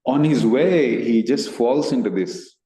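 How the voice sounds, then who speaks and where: A man's voice: mid-range voice, unhurried, mellow, reverberant, poor audio. A man with an Indian accent, co-hosting a meditation podcast, explaining ideas in a rambling, casual way. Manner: rambling, explanatory, often restarts, acts out inner voices. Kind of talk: casual spiritual discussion. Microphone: online meeting recording.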